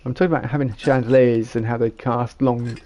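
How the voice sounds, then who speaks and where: A man's voice: medium pitch, steady tone, a little fast, mellow. A man, giving casual gameplay commentary and rambling as he thinks aloud while building. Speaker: gamer.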